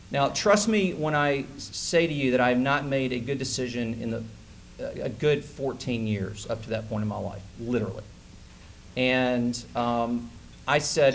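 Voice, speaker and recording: A man in his forties giving a conference keynote, telling a personal story with lively, acted-out dialogue. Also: mid-range voice, normal speed, creaky, slight background noise. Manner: animated storyteller who acts out quoted dialogue. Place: conference hall stage.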